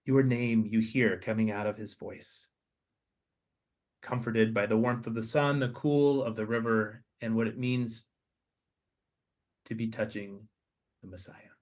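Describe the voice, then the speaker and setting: A man hosting a podcast, leading listeners through a slow guided meditation with soft, hesitant restarts. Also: lowish voice, fairly even intonation. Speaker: podcast host.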